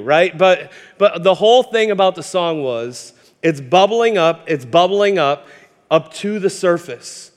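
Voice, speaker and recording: High-voiced, impassioned male pastor preaching. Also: normal speed, clean tone. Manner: impassioned, storytelling, repeats words when building up. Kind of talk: sermon. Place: church sanctuary. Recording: hall reverb.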